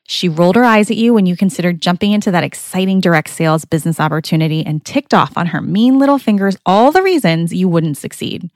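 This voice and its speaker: A woman's voice: on the low side, a little mellow, no echo, clean studio sound. A woman hosting a show for moms, giving an upbeat, confiding talk straight to the listener. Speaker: podcast host. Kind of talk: scripted motivational talk.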